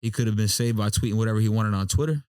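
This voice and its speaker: A man's voice: fairly low pitch, rapid-fire, a little mellow, clear, resonant tone, dry recording, studio quality. A man co-hosting a podcast, talking in a loose, slangy, laid-back way full of asides. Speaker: podcast co-host. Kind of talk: casual chat.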